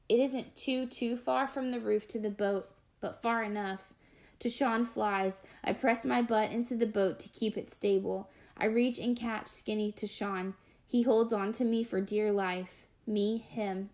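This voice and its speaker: Expressive woman narrating an audiobook. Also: medium pitch. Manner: expressive, dramatic storytelling with measured pauses. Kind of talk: first-person audiobook narration.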